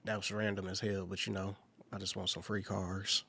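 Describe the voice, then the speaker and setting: A man co-hosting a podcast, joking around loudly and using slang. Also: low voice, little pitch movement, normal speed, vocal fry, heavy background noise. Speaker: podcast co-host. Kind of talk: casual chat.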